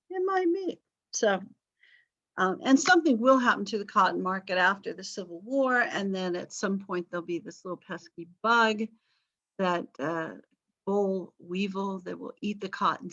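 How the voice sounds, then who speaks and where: A woman's voice: medium pitch, fairly bright tone, dull audio. Chatty middle-aged woman teaching history. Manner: chatty, informal, with asides and fillers. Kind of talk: online class lecture. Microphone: video call.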